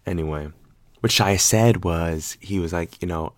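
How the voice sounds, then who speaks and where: Casting: deep-voiced man, rambling profane storyteller, dry close mic. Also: measured pace, no echo. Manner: rambling, profane, animated retelling with quoted voices. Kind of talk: casual storytelling.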